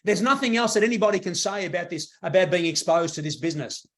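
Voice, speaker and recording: A man giving an enthusiastic motivational sales pitch to a live audience, repeating himself for emphasis. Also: expressive, fast talker, a bit bright. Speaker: presenter at a business meeting.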